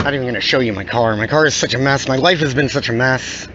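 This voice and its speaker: A father talking into his phone outdoors by parked cars, halting and repeating his phrases in a subdued way. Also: mid-range voice, highs cut off, background noise. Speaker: father filming a police encounter. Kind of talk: casual handheld vlog.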